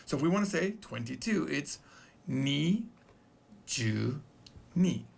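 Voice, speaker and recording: Playful man with a gravelly voice. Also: fairly high pitch, lively intonation, slow, a little mellow. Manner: playful, joking, chatty. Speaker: Japanese teacher. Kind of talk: casual video lesson.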